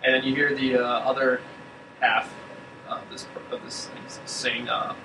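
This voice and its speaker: Speaking a little slowly at medium pitch, a game master narrates a tabletop session, relaxed and full of hesitant fillers. The mic sits far away in a roomy space, and an air conditioner hums.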